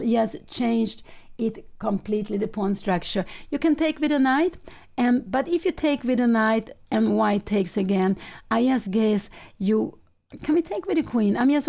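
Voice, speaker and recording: A woman commentating a chess game live, thinking aloud and correcting herself, in non-native English with a slightly rough morning voice. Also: on the high side, dark tone. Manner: analytical, thinking aloud with frequent self-corrections. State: slightly rough early-morning voice, clearing throat.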